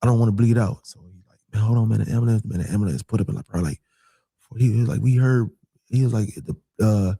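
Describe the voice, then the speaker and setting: A man with a gravelly, husky voice tells a long story in a relaxed, casual way. He jumps up into other people's lines as he acts them out, and he keeps repeating phrases. His voice sounds close and dry. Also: lowish voice, fast, dry recording. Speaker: guest telling a personal story.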